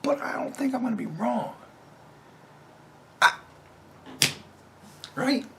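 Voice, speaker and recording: A man's voice: very high voice, expressive, slow, gravelly, a bit bright. A man hosting a podcast, delivering an angry, mocking political rant full of swearing. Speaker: podcast host. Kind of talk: profane political commentary rant.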